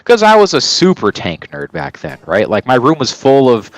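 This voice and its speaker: A man's voice: mid-range voice, wildly swooping pitch, moderate pace, dry recording, poor audio. A man streaming and telling a long story in casual chat, rambling and swearing, often checking in with "right?". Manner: rambling, profane, keeps asking "right?".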